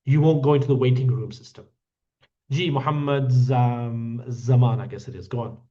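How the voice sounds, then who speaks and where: A hajj guide with a warm, mid-range voice speaks at normal speed with fairly even intonation during an online Q&A for his group. He answers bluntly, teases with jokes, and scolds when needed; the audio is dull and lo-fi.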